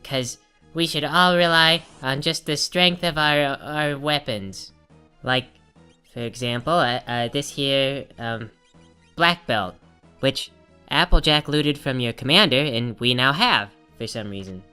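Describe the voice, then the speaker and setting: A woman's voice: extremely low pitch, unhurried, bright, forceful tone, clean tone. A woman giving jokey, sarcastic commentary while playing a video game. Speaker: let's play host. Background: game music.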